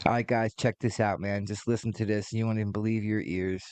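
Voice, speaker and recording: A man's voice: lowish voice, little pitch movement, a little fast, a little mellow, smooth, no echo. A man in his forties hosting a podcast, ranting casually with lots of swearing and rambling asides. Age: 40s. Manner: profane, rambling, exasperated. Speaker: podcast host.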